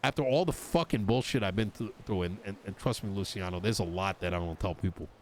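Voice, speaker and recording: A man's voice: low-pitched, fast talker, slight background noise. A man in character during an online roleplay, exasperated and swearing as he retells an argument with quoted dialogue. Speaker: roleplayer voicing a politician character.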